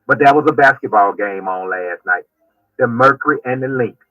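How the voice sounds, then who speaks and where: A man's voice: medium pitch, normal speed, bright, forceful tone, no room sound. A man calling into a sports radio show, brash and trash-talking with casual swearing. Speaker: caller. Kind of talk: call-in rant. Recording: dull lo-fi phone-in line.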